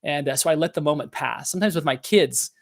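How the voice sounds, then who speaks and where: A man's voice: a little high, fast, vocal fry. A middle-aged man hosting a business podcast, talking in an earnest, confessional way with many fillers and restarts. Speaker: podcast host. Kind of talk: motivational business talk.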